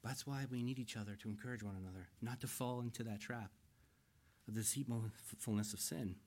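A man in his forties preaching an expository sermon, emphatic, shifting between loud exhortation and hushed asides. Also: medium pitch, steady tone, a little fast. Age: 40s. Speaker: pastor.

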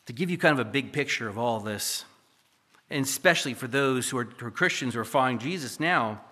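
Bright-voiced male pastor preaching. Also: mid-range voice, lively intonation, brisk. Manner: emphatic, reads scripture aloud then explains. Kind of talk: sermon. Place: church.

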